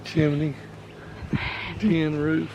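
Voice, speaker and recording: A man filming outdoors, making brief, low-key comments from behind the camera. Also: monotone, drawn-out words, muffled recording. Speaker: camera operator. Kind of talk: casual remarks behind camera. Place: outdoors at an abandoned house. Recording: distant voice with loud outdoor noise.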